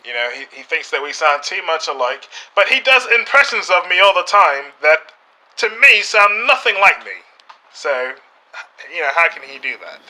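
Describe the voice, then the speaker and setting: A British man talking as a podcast guest, staying in character and speaking haltingly, with many fillers and restarts. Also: on the high side, very animated, sharp tone, rough recording.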